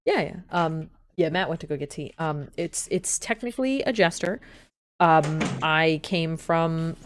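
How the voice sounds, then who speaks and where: Chatty young woman, lower voice. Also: animated, measured pace, a little hiss or hum. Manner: enthusiastic, rambling with fillers and frequent laughs. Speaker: player. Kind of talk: casual tabletop game chat.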